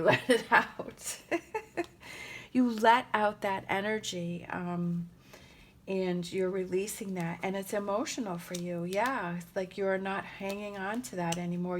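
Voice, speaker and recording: A woman giving a casual tarot reading in a gentle, rambling and emotional way, with many pauses and fillers. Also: mid-range voice. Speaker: tarot reader.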